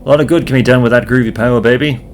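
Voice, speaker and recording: A man doing a fast, groovy hipster. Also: mid-range voice, fairly even intonation, slight background noise, close to an everyday voice. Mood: smooth, coaxing. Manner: hip slang, calls people baby. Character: groovy hip man, smooth-talking and persuasive.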